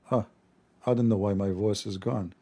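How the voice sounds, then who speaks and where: A man's voice: fairly low pitch, steady tone, normal speed, warm tone. A man hosting an online call-in discussion, explaining points with frequent "uh" fillers. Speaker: host.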